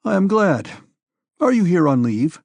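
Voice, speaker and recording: A man voicing a haughty older nobleman who speaks curtly and in a flat, indifferent tone. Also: high-pitched, unhurried, vocal fry, no echo, voice pushed up, full character voice. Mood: aloof. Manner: monotonous, curt, condescending.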